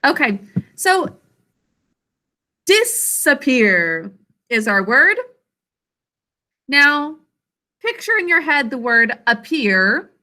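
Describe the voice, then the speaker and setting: High, bright slow-speaking woman teacher. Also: big pitch swings. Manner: slow, deliberate, sounds out syllables. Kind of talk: teaching a spelling lesson to children.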